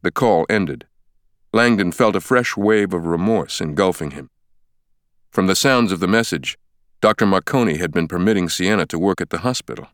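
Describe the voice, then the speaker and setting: Deep-voiced man, steady audiobook narration, dry close studio sound. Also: dry recording. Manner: measured, steady reading. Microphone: close studio mic.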